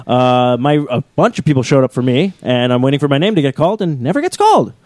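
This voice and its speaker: A man's voice: medium pitch, fast, no echo. A man on a casual podcast telling a comedy club story, acting out the other people's voices and swearing freely. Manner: animated, acts out voices in stories, swears.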